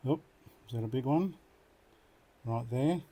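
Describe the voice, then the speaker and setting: A man's voice: medium pitch, unhurried, mellow, breathy edge. A man hosting a knife sharpening video, chatting casually and muttering to himself as he works. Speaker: knife sharpening channel host. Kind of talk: casual hands-on demonstration.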